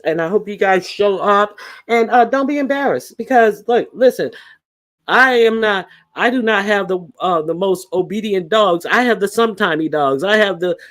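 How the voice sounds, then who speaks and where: A man's voice: high-pitched, a bit bright. A man hosting a live stream, chatting casually with viewers in a rambling way, full of fillers and restarts. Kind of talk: casual chat.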